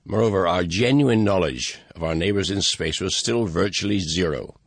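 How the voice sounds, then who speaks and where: A man, the author, reading a measured introduction to his book with a dry, wry manner. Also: deep voice, husky, no room sound. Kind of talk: recorded introduction, read aloud.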